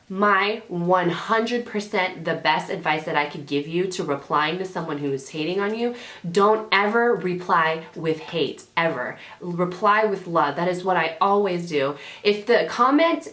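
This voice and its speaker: A woman's voice: fairly low pitch, fairly bright tone. A woman in her twenties giving rambling, sassy advice straight to her camera, often correcting herself as she goes. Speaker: beauty vlogger. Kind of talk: casual chatty advice to camera. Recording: roomy home camera audio.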